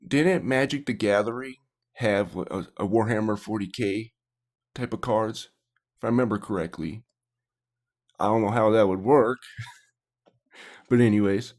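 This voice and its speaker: A man with a lowish voice talks in a loose, casual way as he hosts a reaction video. He drops quick asides and small apologies between comments, and he sounds relaxed and unscripted. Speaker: reaction channel host.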